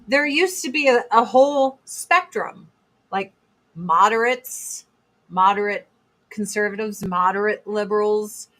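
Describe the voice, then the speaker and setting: A woman's voice: medium pitch, sharp tone. Female host, 40s, blunt and rambling, swears freely, casual chat stream voice.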